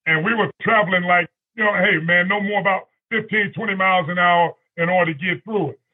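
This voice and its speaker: A man's voice: high-pitched, brisk, slightly rough, narrow, tinny audio. A man telling a long anecdote as a guest on a radio talk show, rambling and peppering it with "you know" and "right?". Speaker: guest storyteller.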